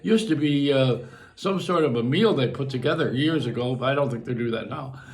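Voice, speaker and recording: A man's voice: medium pitch, a little fast. An older man hosting a show, rambling through a casual monologue, joking and laughing at himself. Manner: chatty, self-mocking, laughs at his own jokes. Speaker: radio and broadcast host.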